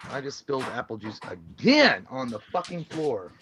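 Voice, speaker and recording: A man's voice: medium pitch, wildly swooping pitch, moderate pace, background noise. A man co-hosting a casual live stream and reading out chat, profane and rambling, laughing often.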